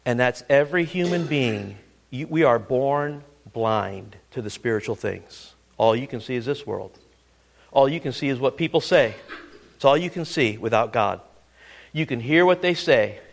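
A middle-aged male preacher with a high, gravelly voice that leaps all over the place. He swings from booming declarations to hushed asides, keeps checking in with "listen" and "ready?". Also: very animated, normal speed. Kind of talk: sermon.

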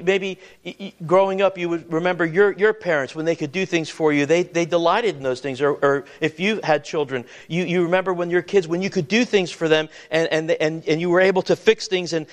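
A man preaching a sermon as pastor, asking the congregation questions and often repeating words as he goes. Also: on the high side.

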